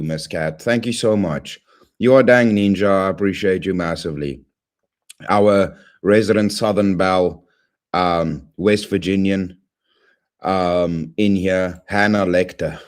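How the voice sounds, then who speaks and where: A man hosting a casual livestream, rambling and shouting out viewers by name with excitable slang. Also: low-pitched. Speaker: livestream host.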